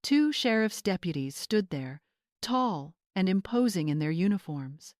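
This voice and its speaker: A woman narrating a family drama story in an even, measured manner. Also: mid-range voice, no room sound, studio quality.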